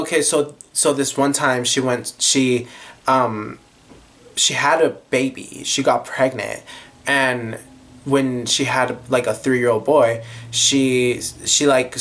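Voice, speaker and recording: A young man chatting casually to camera, giggling and gushing, often reading passages aloud. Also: mid-range voice. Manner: chatty and animated, gushing with giggles and filler words. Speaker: vlogger.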